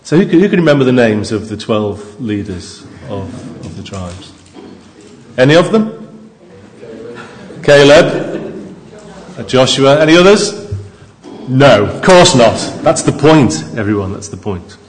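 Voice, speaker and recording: Male preacher, mid-pitched, casual and humorous delivery, church hall with long reverb. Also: big pitch swings, unhurried, pauses often, a little hiss or hum. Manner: conversational and jokey, with restarts and asides to the congregation. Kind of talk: sermon.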